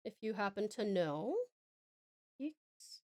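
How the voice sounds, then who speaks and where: A woman's voice: mid-range voice, lively intonation, slow, mellow. A young Australian woman with an Australian accent, chatting casually on a live stream, reading chat aloud and laughing often.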